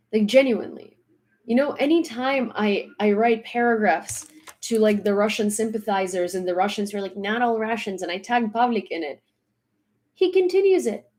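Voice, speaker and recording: A woman's voice: on the high side, a little mellow. Emphatic woman ranting on a vlog. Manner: emphatic, repeating points for stress; exasperated, blunt. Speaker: social media commentator. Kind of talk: casual vlog rant.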